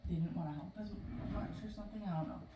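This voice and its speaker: A young adult woman telling a family story in a casual, halting way, with many fillers and restarts. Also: lowish voice. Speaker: family vlogger. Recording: noisy room, mic at a distance.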